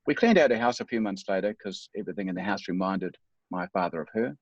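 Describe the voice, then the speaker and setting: A man's voice: deep voice, lively intonation, fast, no echo, lo-fi sound. A middle-aged man speaking as a guest, telling his life story in an earnest, reflective, self-deprecating way. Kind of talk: personal storytelling in a talk.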